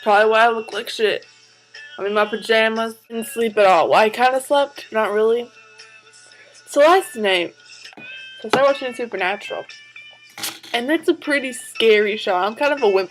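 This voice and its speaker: A woman vlogging in a casual chat. She tells stories in a chatty, excitable way and sounds tired. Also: medium pitch, fairly quick, faint music behind, low-quality recording.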